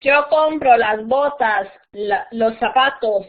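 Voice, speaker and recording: A woman's voice: a little high, a little slow. A woman teaching a live online Spanish class, explaining patiently step by step. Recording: tinny phone-like audio.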